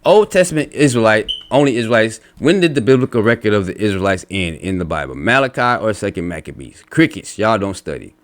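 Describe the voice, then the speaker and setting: A man delivers a combative, profanity-laced rant, reading out comments and lecturing his listeners. His pitch rises and falls in lively swings. He is blunt and relentless. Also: a little fast, hardly any pauses. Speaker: religious commentator. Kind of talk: angry reaction rant.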